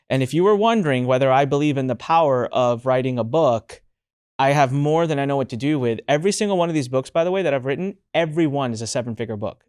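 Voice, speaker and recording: A man hosts a podcast with upbeat energy, interviewing his guest and turning to address the listeners. His voice is middle in pitch. The sound is dry and close, with no room echo. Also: a little mellow. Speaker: podcast host.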